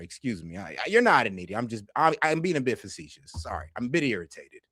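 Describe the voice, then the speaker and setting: A man doing casual political reaction commentary, animated, slangy and profane, talking straight to his viewers. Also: fairly low pitch, a little fast, breathy edge, dry recording, studio quality.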